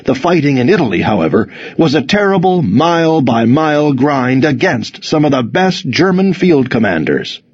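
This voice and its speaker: A man giving a grave, expressive scripted history narration. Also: mid-range voice, normal speed, hardly any pauses, dull audio. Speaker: documentary narrator.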